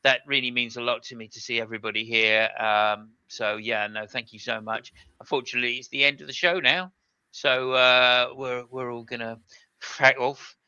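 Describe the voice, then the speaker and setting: A man's voice: medium pitch, fairly even intonation, moderate pace, sharp tone, clean tone, no room sound, muffled recording. A man hosting a live stream in casual chat, joking as he wraps up the show. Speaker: host.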